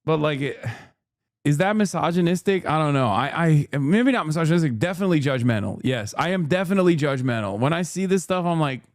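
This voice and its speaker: A man's voice: on the high side, expressive, fairly quick, dry recording, clean studio sound. A man streaming and talking to his chat in a casual, self-questioning way, often repeating himself. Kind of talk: casual reaction commentary to chat.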